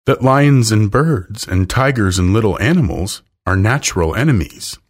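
A man's voice: lowish voice, animated, moderate pace. A man reading a storybook aloud, voicing a curious, polite young girl in a raised voice. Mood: wondering.

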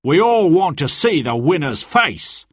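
A bossy, scheming sheriff, as a storyteller puts him on, calling out loud and high over a wide, swinging pitch. The voice is a little husky and sounds dry and close. It has the ring of a storybook villain. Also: male voice, big pitch swings, measured pace, dry recording, full character voice. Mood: commanding. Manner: calls out loudly in a raised voice.

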